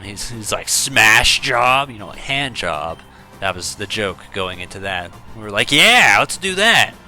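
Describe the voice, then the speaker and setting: A man's voice: lowish voice, pushed and bright. A man casually telling rambling stories with lots of fillers while playing a video game. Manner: rambling, storytelling, many fillers. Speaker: gaming YouTuber. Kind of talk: casual let's-play commentary.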